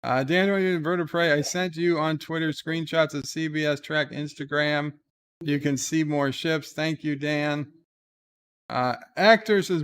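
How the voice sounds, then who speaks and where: Laid-back male stream host, slow delivery, smooth clear voice, reads chat with many "uh"s. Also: fairly high pitch, fairly even intonation, fairly bright tone. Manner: laid-back, halting, frequent "uh" before each comment. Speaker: livestream host. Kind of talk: reading live chat comments aloud.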